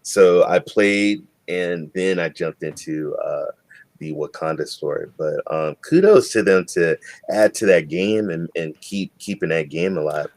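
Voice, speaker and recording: A man co-hosting a gaming talk show who chats casually, with drawn-out remarks and sudden exclamations. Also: deep voice, expressive, darkish tone, no echo. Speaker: podcast co-host. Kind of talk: casual chat.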